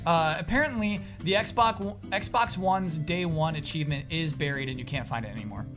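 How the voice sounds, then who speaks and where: A man's voice: a little high, normal speed, over music. A man hosting a podcast in casual chat, upbeat and jokey, steering the talk between friends. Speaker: podcast host.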